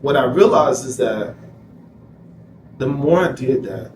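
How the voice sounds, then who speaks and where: A man's voice: mid-range voice, animated, takes it slowly, far from the mic. Interview guest, man, emphatic storyteller, heard from afar in a noisy, echoey room. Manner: emphatic, repeats phrases, quotes himself. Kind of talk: candid personal storytelling.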